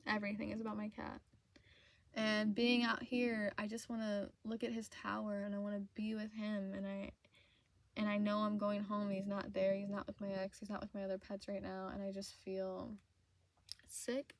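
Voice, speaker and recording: A woman in an emotional confessional vlog, tearful and choked up, talking in halting bursts, repeating herself and swearing. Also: mid-range voice, completely flat delivery, no room sound. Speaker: vlogger. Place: inside a parked car.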